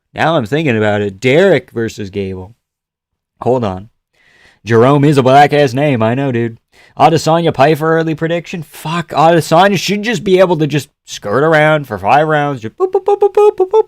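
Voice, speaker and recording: A man's voice: on the high side, expressive, normal speed, no echo, studio quality. A man live-streaming in casual chat, joking and swearing as he answers viewers. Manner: profane, joking, rambling.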